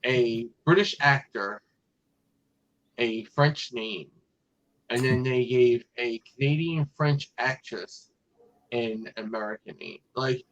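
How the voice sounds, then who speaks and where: A man's voice: mid-range voice, slow pace, a bit bright, lo-fi sound. A man hosting a casual fan podcast, talking in a rambling way with lots of fillers and restarts. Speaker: podcast host.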